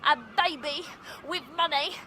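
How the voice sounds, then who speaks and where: Gushing girl, radio play, squeaky high, sharp tone. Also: fairly even intonation, takes it slowly, a little hiss or hum, heavily acted. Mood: smitten. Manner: dopey, gushing and earnest. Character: lovesick, snotty working-class young woman sidekick. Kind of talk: comic radio drama acting.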